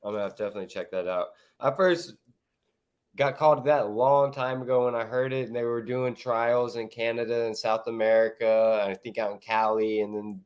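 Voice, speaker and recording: A man in casual podcast chat, talking in a relaxed way and recalling things loosely with fillers. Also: lowish voice.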